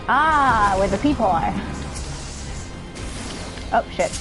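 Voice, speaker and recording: A woman streamer giving excitable, swearing, laughing live commentary while she plays. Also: mid-range voice, slow pace, long pauses, rough recording. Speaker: game streamer. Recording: game music loud behind voice.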